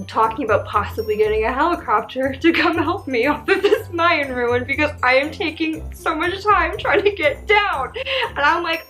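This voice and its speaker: A woman's voice: high-pitched, expressive, brisk, pushed and bright, soft background music, low-quality recording. A young woman telling a travel story in a casual vlog, chatty and swearing freely, acting out her own quotes.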